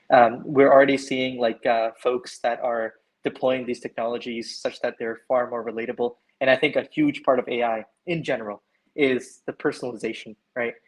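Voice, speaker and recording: A man's voice: medium pitch, poor audio. A man from Canada speaking as a panelist in an online discussion, explaining at length and often checking in with "right?". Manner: explanatory, frequent "right?" tags. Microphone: video call.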